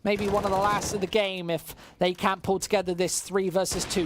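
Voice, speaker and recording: Excitable esports caster. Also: medium pitch, a little fast, few pauses, noisy background. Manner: bursts of excitement over big plays, joking with chat. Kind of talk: live play-by-play commentary.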